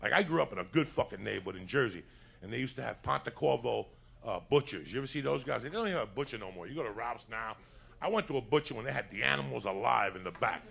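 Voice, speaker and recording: A gravelly male comic from Cuba tears through a stand-up set, his voice bright and raspy with fry. He tells rowdy, profane stories to a crowd that laughs along. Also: mid-range voice, lively intonation, quick pace, slight background noise. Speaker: stand-up comedian. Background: audience laughter.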